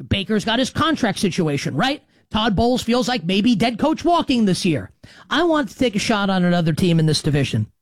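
A man in his thirties hosting a sports predictions show, brash and joking, with emphatic pauses. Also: high voice, no echo. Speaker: sports podcast host.

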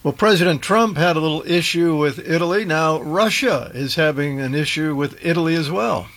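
A man hosting a news program, putting brisk conversational questions to a guest analyst. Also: fairly high pitch, fairly bright tone. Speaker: news host.

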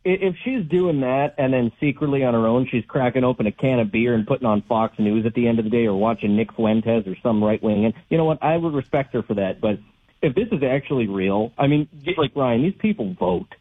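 A man's voice: mid-range voice, animated, brisk, no echo. A man calling in to a radio show, talking in a blunt, rambling, indignant way. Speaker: caller. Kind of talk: call-in radio chat. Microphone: telephone. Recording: tinny phone line, husky.

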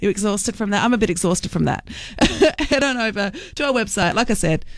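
A woman's voice: medium pitch, animated, a little fast, no room sound, clean studio sound. A woman hosting a local radio show, chatting casually and joking with listeners. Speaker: radio host. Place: radio studio.

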